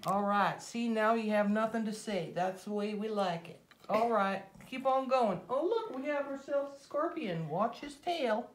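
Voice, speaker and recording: Woman, playful toy play narration, animated, exclaiming, slightly high. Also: a little slow.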